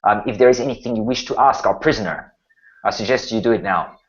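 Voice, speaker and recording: A man voicing a grim, commanding general, formal and blunt in his speech. He speaks in a lowish, steady voice. The sound is muffled and lo-fi. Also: fast talker, natural voice. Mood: formal, stern. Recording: muffled lo-fi recording.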